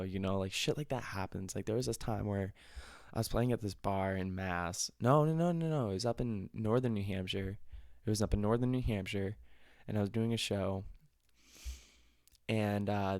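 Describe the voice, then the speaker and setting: A young man tells a rambling story, full of swearing and restarts. His voice sits low, and the sound is dry and close, with no room around it. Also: dry recording. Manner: rambling, profane, laid-back storytelling. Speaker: podcast host. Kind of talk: casual storytelling.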